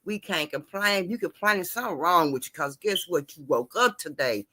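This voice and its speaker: A woman's voice: on the low side, expressive, normal speed, sharp tone. A woman hosting a casual live stream, chatting with her viewers, greeting them by name and repeating herself as she talks. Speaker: livestream host.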